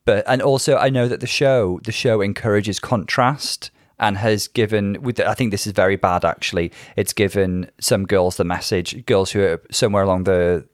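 A man's voice: on the low side, fairly even intonation, moderate pace, hardly any pauses, no echo, studio quality. A man co-hosting a casual chat, talking things through in a thoughtful, analytical way. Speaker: podcast co-host.

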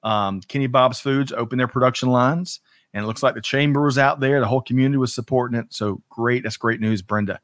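A male host greets viewers by name, upbeat and chatty, often tripping over his words. His voice sits at a middle pitch. The sound is dry, with no room echo. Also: fairly quick, a bit bright. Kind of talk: livestream talk show.

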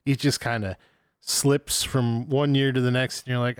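A man's voice: medium pitch, level tone, normal speed, smooth, no room sound, clean studio sound. A man casually reviewing a movie as podcast co-host, rambling and exasperated, swearing freely.

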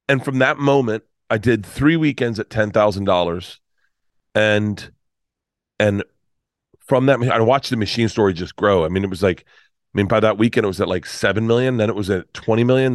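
A middle-aged comedian telling a rambling, emotional story in casual talk, swearing and restarting often. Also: male voice, mid-range voice, dry recording, studio quality. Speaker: comedian guest.

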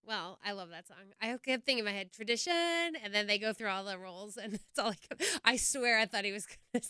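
A woman's voice: medium pitch, fast, sharp tone, smooth, no echo, studio quality. A woman co-hosting a casual podcast, chatty and teasing, laughing often. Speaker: podcast co-host. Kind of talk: casual chat.

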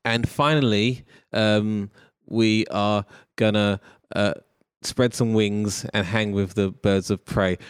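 A man's voice: on the low side, fairly even intonation, slow pace, smooth, no echo, studio quality. A man hosting a casual podcast, playful and jokey, often laughing. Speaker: podcast host. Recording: music playing behind.

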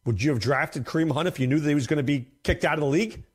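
A man's voice: fairly high pitch, racing, slightly rough. A man hosting a fantasy football show, talking casually and emphatically, often repeating himself for effect. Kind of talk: casual commentary to camera.

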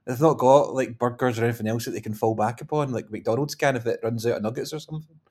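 A man in his thirties, co-hosting a podcast in relaxed banter. His voice sits mid-pitch, and he tells stories with sweary humour and frequent laughs. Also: quick pace. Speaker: podcast co-host. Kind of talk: casual chat.

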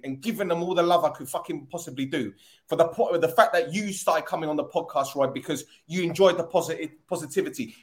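Angry man ranting about football. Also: fairly high pitch. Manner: angry, sweary, repeats himself. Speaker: football podcast host. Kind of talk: fan podcast rant.

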